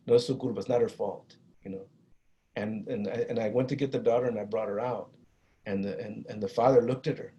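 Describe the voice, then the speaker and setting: A middle-aged man with a Chicano East Los Angeles accent, telling a personal story in a talk, earnest and halting, with many restarts and Spanish phrases. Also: lowish voice, dark tone. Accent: Chicano English from East Los Angeles. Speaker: guest speaker on violence prevention.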